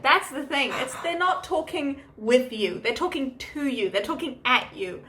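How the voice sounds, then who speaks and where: A woman co-hosting a podcast in a casual chat, agreeing dryly and adding quick asides. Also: high-pitched, expressive, pushed and bright. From outside the United States. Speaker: podcast co-host.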